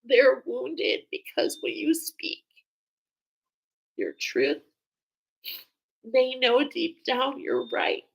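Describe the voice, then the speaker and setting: A woman's voice: on the high side, a bit bright, poor audio. A woman giving an emotional, hesitant channeled spiritual reading, sighing and restarting as she speaks. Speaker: spiritual reader.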